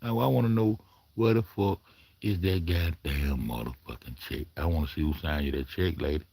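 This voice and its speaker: A man's voice: a bass voice, normal speed, creaky, warm tone, slightly rough, no echo. A man hosting his own commentary vlog, rambling and swearing as he talks back at the footage on screen. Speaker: commentary vlogger. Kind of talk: profane reaction commentary.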